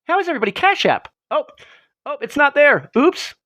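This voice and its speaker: A man's voice: very high voice, huge pitch swings, a little fast, bright, forceful tone, no echo, studio quality. A man hosting a casual livestream, greeting chatters and rambling through jokes. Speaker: streamer host.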